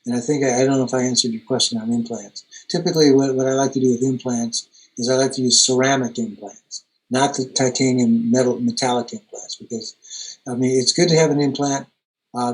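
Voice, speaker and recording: Halting man explaining dentistry. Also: mid-range voice, steady tone, poor audio. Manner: halting, repeats words, tells anecdotes. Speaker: holistic dentist guest. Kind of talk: online Q&A interview.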